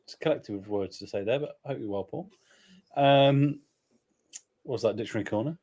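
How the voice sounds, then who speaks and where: A man's voice: medium pitch, brisk, a little mellow. Brief: English man co-hosting a beer stream at home, reads out chat comments, joking and rambling. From England. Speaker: live stream co-host. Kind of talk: casual chat reading viewer comments.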